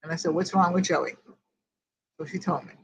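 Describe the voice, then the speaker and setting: In a rough recording, an older woman with a fairly low, gravelly voice speaks at normal speed. She hosts a grief group and, chatting casually, rambles through a personal story while repeating each conversation verbatim.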